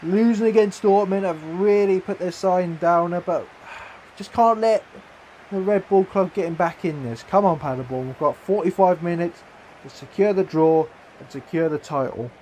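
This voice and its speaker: A young man giving live commentary over his own football video game, swinging between gloomy mutters and excited yells at chances. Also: high voice, normal speed, slight background noise. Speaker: gaming YouTuber.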